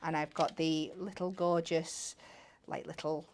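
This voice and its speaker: A woman's voice: low voice, flat delivery, a little slow. A woman demonstrating a card-making craft step by step in a chatty way. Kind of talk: hands-on crafting demo. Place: TV craft studio.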